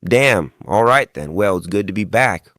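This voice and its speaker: A man's voice: fairly low pitch, animated, moderate pace, fairly bright tone, no room sound, clean studio sound. A man voicing a teasing, skeptical co-host.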